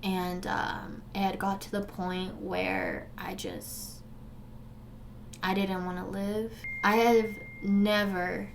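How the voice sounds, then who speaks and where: A young woman speaks straight to her viewers in an earnest, emotional vlog. Her voice sits at a middle pitch and moves between forceful urging and soft, hushed recollection. A faint room hum sits behind her. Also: level tone, slow, creaky. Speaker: vlogger sharing a personal story. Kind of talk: candid direct-to-camera storytelling.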